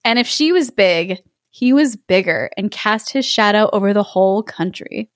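A woman's voice: medium pitch, animated, moderate pace, no room sound, studio quality. A woman reading a fairy tale aloud with an amused manner, chatting between passages. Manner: amused, laughs often while reading. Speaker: storyteller and co-host. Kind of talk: casual storybook reading with chat.

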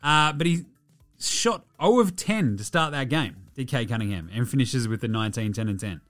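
A man's voice: mid-range voice, animated, moderate pace, fairly bright tone, faint music behind. A man hosting a casual sports podcast, joking and swearing as he recaps games. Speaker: podcast host.

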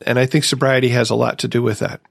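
A man's voice: mid-range voice, level tone, quick pace, gravelly, no echo, clean studio sound. A man hosting a recovery podcast, sharing his own experience in a reflective, casual way. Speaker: podcast host.

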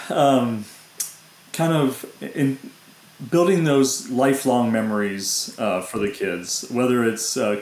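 A man guest speaking casually and haltingly, with many pauses and restarts. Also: mid-range voice, a little mellow. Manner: halting, lots of fillers and restarts. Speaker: guest parent. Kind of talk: casual conversation. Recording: echoey room.

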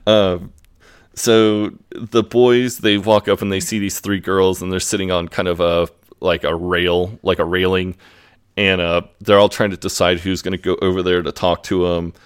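A man's voice: deep voice, little pitch movement, moderate pace, clear, resonant tone. A man co-hosting a podcast, casually retelling a TV episode in a rambling way, full of "like" and "uh". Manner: rambling, filler-heavy retelling with "like". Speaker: podcast co-host. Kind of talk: casual chat recapping a TV episode.

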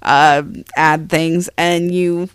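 A woman's voice: deep voice, fairly even intonation, extremely slow, clean tone, dry recording, clean studio sound. A woman co-hosting a casual chat show, chatty and teasing, jumping in to finish the stories. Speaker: podcast co-host.

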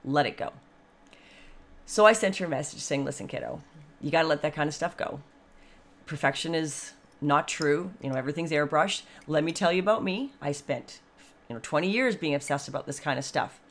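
A woman's voice: low voice, fairly quick. Blunt chatty woman in her fifties. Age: 50s. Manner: blunt, chatty, animated storytelling. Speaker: vlogger. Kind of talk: casual monologue.

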